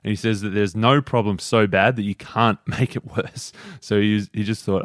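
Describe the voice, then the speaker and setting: A man's voice: on the low side, fairly even intonation, moderate pace, hardly any pauses, dry recording, clean studio sound. A man co-hosting a podcast, retelling anecdotes in an easygoing, casual way. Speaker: podcast co-host. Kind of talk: casual book discussion.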